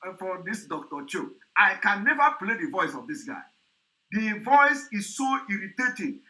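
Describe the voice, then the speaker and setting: A man's voice: high-pitched, bright, forceful tone, poor audio. A man giving a repetitive, mocking commentary on an interview. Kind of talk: commentary vlog.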